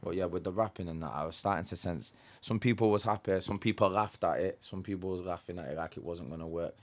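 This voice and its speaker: A man with a very low, deep voice talks quickly through a relaxed podcast interview. His speech is slangy and laid-back, full of check-ins with the host. He sounds like a rapper sharing his story in a casual studio chat. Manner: laid-back, slangy, repeats "do you know what I mean". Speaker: rapper guest.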